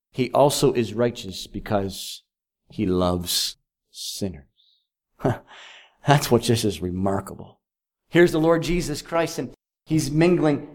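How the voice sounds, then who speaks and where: Man preacher, fervent sermon, slightly high voice, loud-to-hushed swings, rhetorical questions. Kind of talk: evangelistic sermon. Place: evening meeting.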